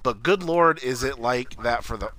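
A man co-hosting a casual podcast, swearing constantly and talking in a loose, excitable way. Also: mid-range voice, moderate pace, a little hiss or hum, poor audio. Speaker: podcast co-host. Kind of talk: casual profane podcast chat.

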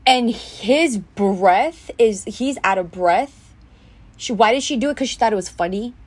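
A woman's voice: on the high side, lively intonation, measured pace. A young woman hosting a solo podcast, telling a story in a heated, indignant way, full of fillers and restarts. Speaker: podcast host.

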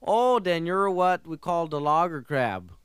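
A fussy French talk-show host, played by a man in an old comedy record sketch. He speaks very slowly in a smooth, slightly high voice with a French accent, and he hesitates with "uh" and tangles his English. The sound is dry and close. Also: expressive, fairly bright tone, no room sound. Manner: hesitant, lots of "uh", mangled English phrasing.

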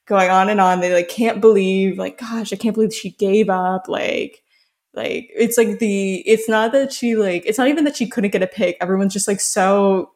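A woman's voice: medium pitch, moderate pace, darkish tone. A young adult woman co-hosting a casual podcast chat, talking loosely with lots of fillers and frequent laughter. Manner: chatty, filler-heavy, laughs often. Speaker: podcast co-host. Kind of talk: casual chat about a reality show.

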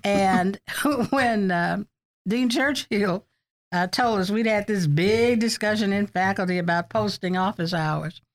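A woman's voice: medium pitch, measured pace. An older woman in an oral history interview, recalling colleagues as a chatty storyteller who laughs often.

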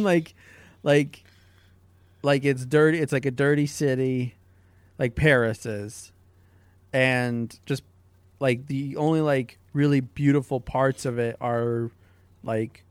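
Slow-talking joking podcast guy. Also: medium pitch, smooth, no echo. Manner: joking, filler-heavy, laughs at own lines. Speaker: podcast co-host. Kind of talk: casual podcast chat.

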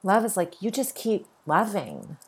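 A woman's voice: mid-range voice, huge pitch swings, a little slow, a little mellow, breathy edge. A middle-aged woman hosting a podcast, giving an earnest spiritual monologue and repeating her points for emphasis. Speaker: podcast host.

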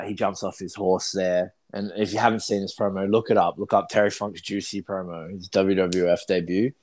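A man co-hosting a podcast, telling stories in an animated way and swearing freely in casual chat. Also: on the low side. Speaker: podcast co-host.

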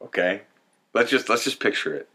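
A man's voice: lowish voice, expressive, moderate pace, pushed and bright. A man co-hosting a casual chat, teasing and joking in banter.

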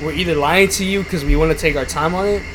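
A man, a podcast guest who works at a pizza shop, telling stories in casual chat in an animated, profane way. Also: a little high, fast talker. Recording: noisy background.

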